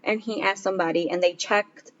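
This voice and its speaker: A woman's voice: mid-range voice, fairly even intonation, brisk, lo-fi sound, a little hiss or hum. A woman in her twenties, a podcast co-host telling a story in a casual chat. She talks with animation, laughs often and acts out what others said. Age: 20s.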